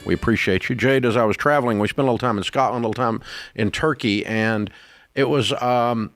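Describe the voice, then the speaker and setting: A man hosting a call-in advice radio show, folksy and animated. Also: brisk, no echo. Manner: folksy and animated, with a booming energetic opening. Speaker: radio talk show host.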